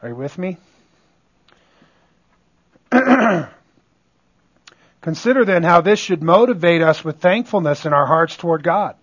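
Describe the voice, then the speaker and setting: A man's voice: a little high, lively intonation, unhurried, pauses often. A man preaching a sermon as pastor, emphatic, often asking his listeners if they are with him. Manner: call-and-response, asks "are you with me?"; emphatic, swings between loud stresses and quiet asides.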